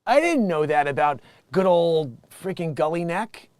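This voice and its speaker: A man's voice: a little high, expressive, a little slow, a little mellow, a little hiss or hum. A man hosting a comedic news show, rambling and joking through headlines and laughing at his own bits. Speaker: talk show host.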